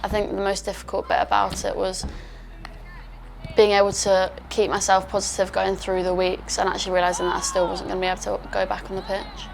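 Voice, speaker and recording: A woman's voice: mid-range voice, completely flat delivery, a little fast, gravelly, slight background noise. A woman footballer talking casually and reflectively in an interview, with fillers like "like" and "um". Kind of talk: interview about returning from injury.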